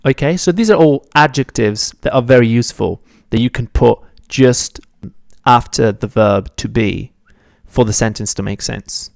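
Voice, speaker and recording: A man's voice: medium pitch, moderate pace, vocal fry, no room sound, studio quality. A man teaching a beginner language lesson, patiently explaining step by step and correcting his own slips. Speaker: Italian teacher.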